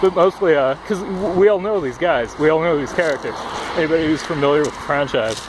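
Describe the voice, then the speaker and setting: A man's voice: on the high side, fast talker. A young man vlogging outdoors, rambling and out of breath, with lots of fillers and swearing. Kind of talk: rambling casual monologue. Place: outdoors by a busy road. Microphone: headphone cord mic. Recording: faint traffic noise outdoors. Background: passing cars.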